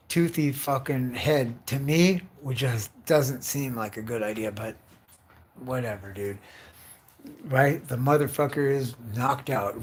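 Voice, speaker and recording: A young man livestreaming from home, rambling on in a loose, profane rant full of fillers. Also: mid-range voice.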